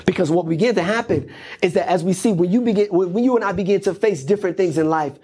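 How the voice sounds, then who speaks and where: Husky-voiced pastor preaching. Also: male voice, high voice, fast, a little mellow. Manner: repetitive, emphatic preaching cadence. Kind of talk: sermon. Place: church.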